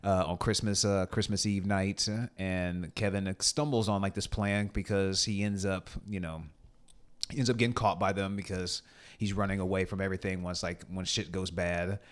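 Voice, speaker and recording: Man, lowish voice, casual podcast chat, animated, swearing, acting out quotes. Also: moderate pace. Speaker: podcast co-host. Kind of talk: casual movie review chat.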